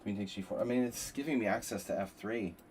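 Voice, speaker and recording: This is live chess commentary from a simul stream, where the man thinks aloud about moves and trades meandering, wry remarks with his chat. He speaks fast in a fairly low, darkish voice over a rough recording with some hiss or hum.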